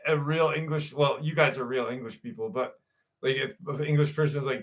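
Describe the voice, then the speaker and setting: A man's voice: mid-range voice, brisk. A man hosting a casual livestream, rambling and joking and laughing at himself, then reading a viewer's story aloud. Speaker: livestream host.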